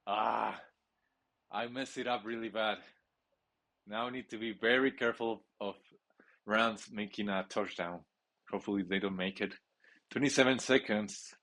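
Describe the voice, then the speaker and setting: Excitable rambling man narrating his gameplay. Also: lowish voice, moderate pace. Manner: excitable, rambling, with frequent restarts. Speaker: gamer playing a football video game.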